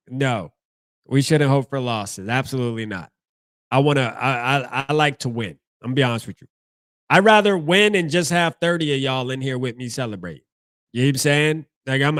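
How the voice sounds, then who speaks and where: A man's voice: on the high side, fairly bright tone, no echo, studio quality. A man hosting a fan postgame show, ranting casually with slang and lots of repeats and restarts.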